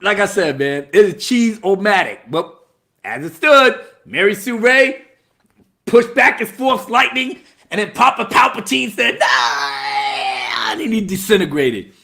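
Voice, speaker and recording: A man giving a casual, profane movie review, mocking scenes with animated retelling and mimicry. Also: high-pitched, measured pace.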